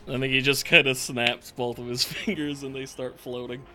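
A man's voice: medium pitch, moderate pace, over music. A man playing in a tabletop game, casually describing what his character does. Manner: relaxed, explains his character's actions. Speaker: player.

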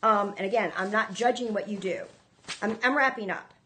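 A woman's voice: mid-range voice, moderate pace, sharp tone, a little hiss or hum. A woman hosting a ministry show, preaching to viewers in an earnest, emphatic way, often repeating herself. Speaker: ministry host.

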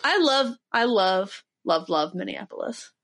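A woman co-hosting a podcast, chatting in a playful, joking way with quick asides. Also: mid-range voice, sing-song, a bit bright. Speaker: podcast co-host. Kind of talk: casual chat.

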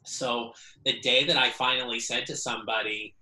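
A man's voice: medium pitch, steady tone, moderate pace, sharp tone, echoey room, rough recording. A man speaking as an interview guest, earnest and reflective, often repeating words as he thinks. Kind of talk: casual interview.

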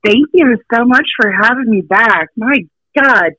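A woman's voice: fairly high pitch, unhurried, sharp tone, dull audio. A woman guesting on a casual podcast, cheeky and laughing along.

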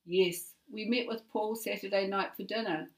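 A woman's voice: mid-range voice, fairly even intonation, normal speed, voice pushed up, natural voice, poor audio. A woman voicing a gushing, enthusiastic sister who talks effusively.

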